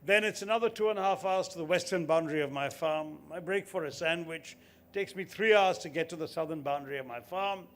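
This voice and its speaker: A man's voice: on the high side, fast, a bit bright, lightly acted. A man voicing a boastful American male farmer in a told joke, drawling and matter-of-fact.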